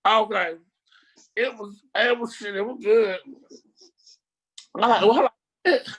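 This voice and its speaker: A speaker on a video call, telling a rambling, animated story in casual chat, with slang and swearing. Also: mid-range voice, unhurried, lo-fi sound.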